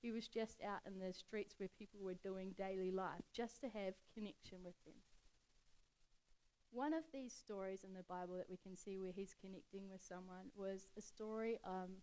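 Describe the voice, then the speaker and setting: Warm, smooth-voiced woman telling a Bible story. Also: mid-range voice, poor audio. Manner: chatty, relaxed storyteller with casual slang. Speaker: church speaker. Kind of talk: casual Bible storytelling talk.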